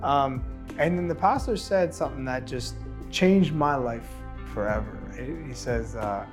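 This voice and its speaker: A man's voice: mid-range voice, unhurried, music in the background. A man from El Salvador telling his own life story in an interview, acting out the dialogue he quotes, with frequent restarts. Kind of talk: personal testimony in an interview.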